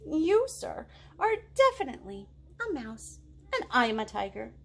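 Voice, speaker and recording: A woman's voice: fairly high pitch, big pitch swings, measured pace, creaky, slightly rough, full character voice. A woman voicing a small boastful male mouse who insists he is a tiger, in a storybook reading. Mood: insistent. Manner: stubborn, growls for show.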